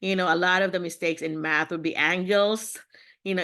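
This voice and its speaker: A woman's voice: fairly low pitch, steady tone, moderate pace, fairly bright tone. A woman from the Philippines, mentoring teachers on a video call and checking in often with "okay?" and "you know".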